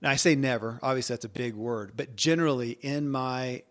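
A man's voice: medium pitch, a little fast, fairly bright tone. A man in his forties hosting a podcast, talking in an earnest, conversational way with frequent restarts. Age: 40s. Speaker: podcast host. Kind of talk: podcast monologue and interview.

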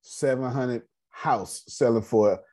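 A man hosting a casual personal finance class on a video call, slangy and animated, talking straight to his group. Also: medium pitch, takes it slowly.

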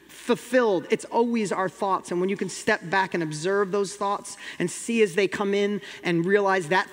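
A man's voice: sits high, big-room sound. A middle-aged man from New York with a New York accent, telling a motivational story as a guest and acting out the dialogue with rising intensity.

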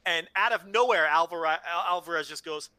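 Male co-host, bright and sharp, dry close sound, excitable storyteller who swears a lot. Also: fairly high pitch, brisk, no echo. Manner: excited, swears freely, retells with exclamations. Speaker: podcast co-host. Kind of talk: casual chat.

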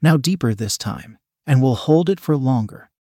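A man voicing a dominant young woman who gives calm, hushed, controlled orders. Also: mid-range voice, moderate pace, dry recording, clean studio sound. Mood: commanding.

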